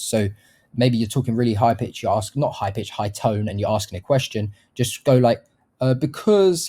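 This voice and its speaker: A man with a lowish, warm, mellow voice teaching sales in a casual way. He talks bluntly, swears freely and shows each point by switching his tone. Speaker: sales trainer. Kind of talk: casual instructional talk.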